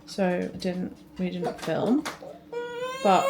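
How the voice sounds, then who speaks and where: A woman's voice: mid-range voice, unhurried. A young woman, a first-time mum chatting casually through a home vlog in her kitchen and often turning to coo at her baby. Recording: home recording with background noise.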